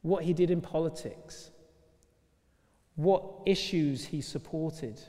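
A man preaching a sermon in a lively, conversational way, full of rhetorical questions, recorded in a church. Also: fairly high pitch, slow pace. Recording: long reverb of a large church.

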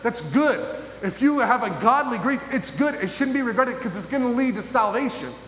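A man preaching a sermon as pastor, emphatic and full of pauses, often asking his listeners questions. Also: very high-pitched, expressive, fairly bright tone. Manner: emphatic, pausing, asks the audience questions. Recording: echoey hall with faint noise.

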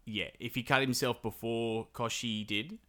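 A man's voice: medium pitch, normal speed. A man casually retelling a folk tale on a podcast, acting out the characters' lines. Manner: animated storytelling, acts out characters' lines. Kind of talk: casual chat.

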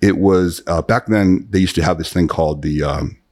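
A man in his fifties, a guest in a podcast interview, telling long animated anecdotes with many restarts. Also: sits low, normal speed. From United States. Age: 50s. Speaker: guest, self-defense author.

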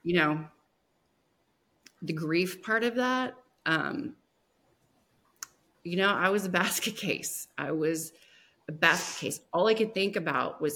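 A woman guest on a podcast, telling a personal story in a soft, emotional way with many pauses and restarts. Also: lowish voice.

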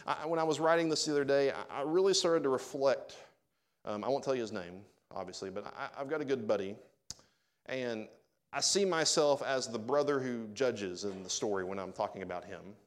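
A man's voice: mid-range voice, a little fast. A man pastor preaching a sermon, conversational and speaking directly to his congregation.

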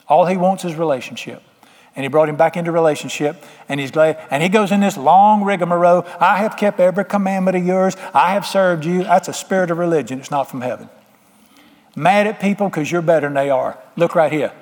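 A man's voice: a little high, darkish tone, in a large hall. A man preaching a sermon, folksy, plain-spoken and emphatic with homespun sayings. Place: church sanctuary.

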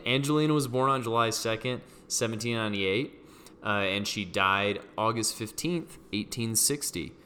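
Low, bright-toned man bantering. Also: normal speed, a little hiss or hum. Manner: banters and laughs, presents a weekly segment. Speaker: podcast co-host. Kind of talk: casual chat.

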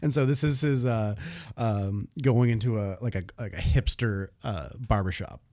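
A man's voice: on the low side, moderate pace, warm tone. A man hosting a podcast, chatting casually and rambling with fillers and laughter. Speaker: podcast host. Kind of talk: casual chat.

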